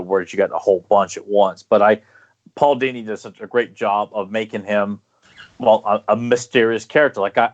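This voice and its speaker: A man talking eagerly in a casual podcast chat, stopping and restarting his sentences often. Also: lowish voice. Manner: enthusiastic, halting with many restarts. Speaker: podcast guest. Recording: dull lo-fi podcast audio.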